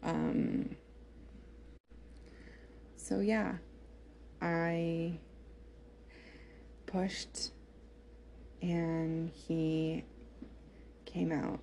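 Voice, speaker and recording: Young mom telling her birth story, low voice with some fry, lots of likes and ums. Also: expressive, very slow, pauses often, warm tone, slight background noise. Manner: chatty, filler-heavy, emotional retelling. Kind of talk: casual personal storytelling.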